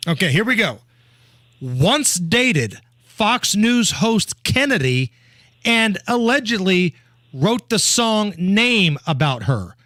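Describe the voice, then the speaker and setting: A male talk radio host bantering and running a call-in contest, brisk and playful. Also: high-pitched, very animated, sharp tone, dry recording, studio quality. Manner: brisk, playful, laughs often. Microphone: studio microphone.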